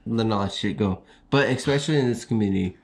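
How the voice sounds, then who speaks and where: Man podcast guest, halting and profane, casual chat. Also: lowish voice, darkish tone. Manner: halting, profane, repeats himself.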